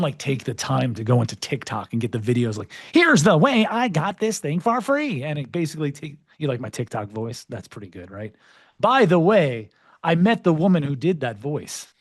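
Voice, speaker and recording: Animated, wisecracking male podcast host. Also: mid-range voice, brisk, no echo, studio quality. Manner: playful, self-mocking, riffing asides. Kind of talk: energetic presentation with jokes.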